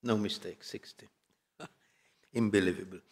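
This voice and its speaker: A man's voice: fairly low pitch, fairly even intonation, a little slow, a little mellow. A man reading a formal speaker introduction at a conference, with a few hesitant fillers. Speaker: conference moderator. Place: conference hall.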